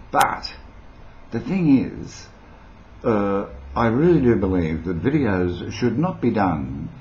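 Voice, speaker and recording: Older aussie bloke rambling to his webcam, slow and playful, low gravelly voice. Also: darkish tone, dull audio, slight background noise. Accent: Australian. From Australia. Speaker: vlogger. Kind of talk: casual talk to webcam. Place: at home by his PC.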